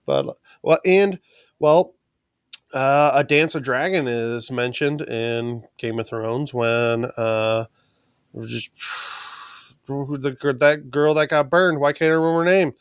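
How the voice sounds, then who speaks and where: A man's voice: mid-range voice, takes it slowly, clean tone, no room sound, clean studio sound. Sarcastic teasing man on a podcast. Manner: sarcastic, teasing, laughs at own jokes. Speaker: podcast co-host. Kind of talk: casual recap chat.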